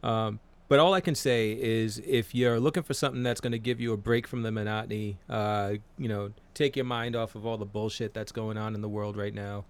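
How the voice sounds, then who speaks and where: A man's voice: lowish voice, steady tone, fairly quick, few pauses, clean tone. A man in his forties, co-hosting a podcast in casual chat, rambling and swearing with many fillers. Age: 40s. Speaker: podcast co-host.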